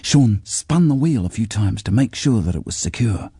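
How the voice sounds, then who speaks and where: Husky expressive storybook narrator. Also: male voice, fairly low pitch, normal speed, no room sound, studio quality. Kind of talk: storybook reading.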